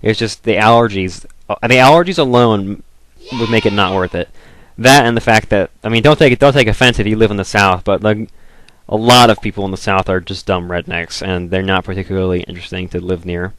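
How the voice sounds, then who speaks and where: A man's voice: on the low side, a little fast, a bit bright. A young man in college giving casual, rambling commentary over a game, packing his talk with fillers. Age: young adult. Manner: rambling, filler-heavy, lots of "like". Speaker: let's play commentator.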